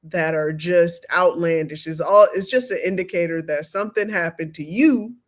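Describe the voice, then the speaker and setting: A woman co-hosting a casual podcast, speaking in a measured, playfully exasperated way. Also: on the low side. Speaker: podcast co-host.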